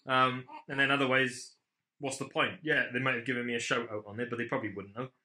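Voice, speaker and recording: A young man rambles through a home podcast with a hard, forceful edge to his voice. He swears freely and jokes around while he talks. His pitch sits in an ordinary middle range. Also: steady tone, quick pace. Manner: sweary, joking banter. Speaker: podcast co-host. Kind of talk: casual chat.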